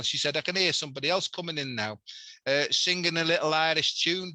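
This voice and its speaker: A Liverpool man speaks as a talk guest, telling a story in an animated, chatty way. His voice sits a little high and rings very bright. The recording is close and dry. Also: a little fast, dry recording, rough recording. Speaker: guest, healer. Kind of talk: casual chat.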